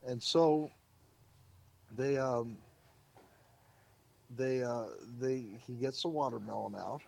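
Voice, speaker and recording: Man telling lively anecdotes. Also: medium pitch, slow pace, gravelly, a little hiss or hum. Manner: lively anecdote-teller, acts out quotes. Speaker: publicist. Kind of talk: casual storytelling on a podcast.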